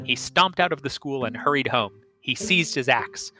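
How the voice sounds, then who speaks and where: A man's voice: mid-range voice, animated, normal speed, sharp tone, faint music behind. A man telling a folk tale aloud as the host of a storytelling podcast, reading evenly and expressively. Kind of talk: storytelling narration.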